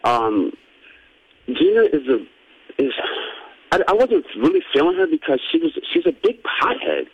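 A man on a phone call to a radio show, speaking in a hesitant, halting way. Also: a little high, wildly swooping pitch, husky, no room sound. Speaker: phone caller. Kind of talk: casual phone chat. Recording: phone line.

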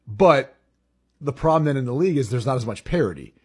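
A man's voice: mid-range voice, lively intonation, fairly quick, darkish tone, husky. A man co-hosting a sports talk show, thinking aloud and often repeating words as he explains. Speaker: sports radio co-host.

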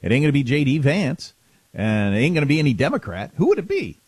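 A man's voice: fairly high pitch, big pitch swings, quick pace, slightly rough, no room sound. A man co-hosting a talk radio show, giving sardonic opinions on politics. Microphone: studio microphone.

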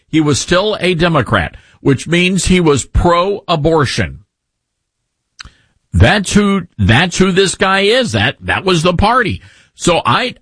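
A man's voice: a little high, fairly bright tone, breathy edge, dry recording. A man in his fifties hosting a talk radio show, opinionated, rambling and jokey. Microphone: studio mic.

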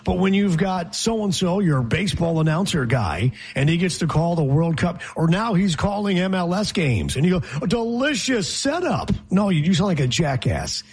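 Male podcast co-host, slightly high husky voice, teasing rant style. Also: sing-song, moderate pace, hardly any pauses, darkish tone. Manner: teasing, ranting, jokes in put-on voices. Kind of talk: casual chat.

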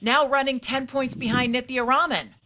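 A woman's voice: high-pitched, steady tone, normal speed, bright, forceful tone. A woman hosting a morning talk radio show, upbeat and chatty with her guest. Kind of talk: casual talk radio chat.

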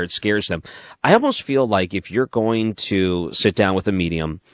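A low-voiced man hosts a late-night radio interview, easy and conversational, often restarting as he thinks aloud. The sound is dull and lo-fi, close and dry with no room around it. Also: lively intonation, normal speed, dry recording. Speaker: radio show host.

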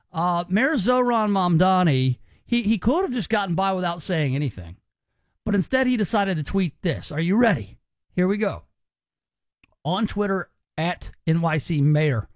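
A man's voice: sits high, no room sound. A male radio talk show host giving emphatic, opinionated commentary in a chatty way.

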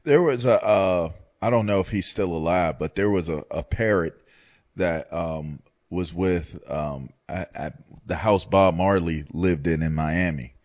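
A man's voice: low voice, measured pace, darkish tone. A man in casual chat telling a story in a playful, drawling way.

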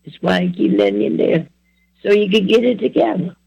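Gravelly older man preaching testimony. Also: sits high, a little fast, darkish tone, no echo, rough recording. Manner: repetitive, exhorting, plain-spoken. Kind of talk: earnest testimony sermon.

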